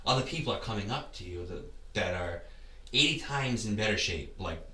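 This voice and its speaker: A man's voice: on the low side, lively intonation, moderate pace, pushed and bright, roomy sound, far from the mic. A man talking as a podcast guest in casual conversation, rambling and often restarting his words. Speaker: podcast guest, ultra race runner.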